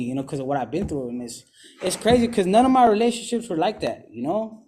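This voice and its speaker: A young man in recovery from addiction shares his story casually and candidly, rambling in slangy speech packed with "you know." His voice is on the high side, animated, fast and warm.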